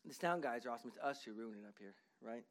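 A man preaching a sermon as pastor of his church. He drawls the scripture readings with emphasis and drops into quick asides to the congregation. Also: mid-range voice, animated, a little hiss or hum.

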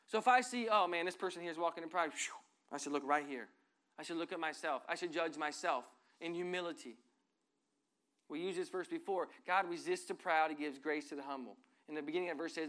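A middle-aged pastor with a voice that sits high preaches a sermon. He reads scripture earnestly, shifting between loud and soft passages.

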